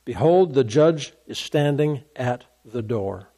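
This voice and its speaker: A man preaching a sermon as a pastor, animated, acting out complaining voices along the way. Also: mid-range voice, slow.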